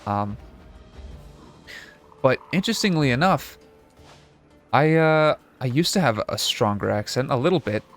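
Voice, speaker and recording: A young man with a mild Canadian accent talks through a video game in a loose, rambling way, stopping and restarting his sentences. His voice sits in an ordinary middle pitch. Quiet game music plays faintly underneath. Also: animated. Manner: rambling, halting, self-correcting. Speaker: gaming video host. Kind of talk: casual let's-play commentary.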